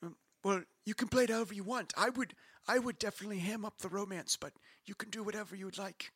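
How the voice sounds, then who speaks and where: A man's voice: high voice, quick pace, fairly bright tone, slightly rough, dry recording. A man acting as game master, playfully narrating in character and often stumbling over words with a laugh.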